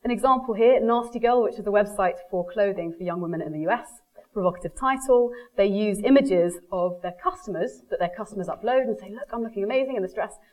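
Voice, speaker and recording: A woman's voice: mid-range voice, quick pace, rough recording. A woman giving a live marketing presentation. She tells personal stories with energy and acts out the people she quotes, addressing the audience directly. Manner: lively storyteller, quotes people in animated voices. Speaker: speaker giving a marketing talk.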